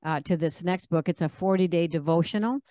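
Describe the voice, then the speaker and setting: Woman, author guest, vivid and earnest storyteller, slightly low pitch, dry recording. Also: fairly quick, dark tone, no echo. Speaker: author and radio host. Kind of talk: faith interview, personal testimony.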